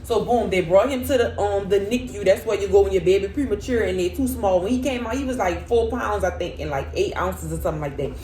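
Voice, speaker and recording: A young woman, telling a dramatic storytime vlog in an animated, expressive way. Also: mid-range voice, fast talker, hardly any pauses. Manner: animated, dramatic, swings to loud cries when reliving. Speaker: vlogger. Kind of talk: casual storytime. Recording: echoey room with faint hum.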